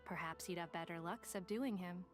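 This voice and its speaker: A woman playing a sly, composed female detective with a dry, measured delivery. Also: lowish voice, lightly acted. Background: game music.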